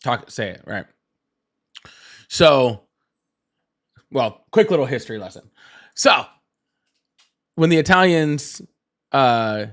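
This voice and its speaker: A man's voice: medium pitch, fairly bright tone. A man hosting a casual live stream, chatting in a rambling way and greeting viewers between points. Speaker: livestream host.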